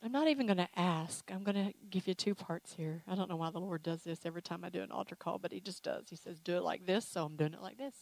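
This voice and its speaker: A woman's voice: fairly low pitch, quick pace, vocal fry, few pauses, no echo, low-quality recording. Woman preacher leading an altar call, emotional and playful, dry close mic. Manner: emotional, animated, playful with acted asides. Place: church sanctuary.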